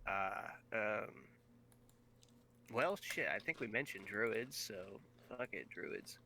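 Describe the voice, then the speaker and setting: Man, podcast co-host, halting casual talk, bright timbre, faint noise. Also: on the low side, vocal fry, rough recording. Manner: halting, trailing off, many fillers. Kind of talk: casual gaming chat.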